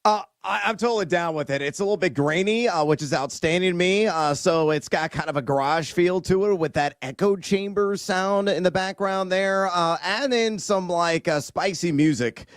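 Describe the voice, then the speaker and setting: A man with a high-pitched voice, a guest betting analyst who rolls through stats in a playful, hammy way. The recording is dry and close. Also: normal speed, hardly any pauses, no room sound. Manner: hammy, playful, stat-heavy picks. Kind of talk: casual live show chat.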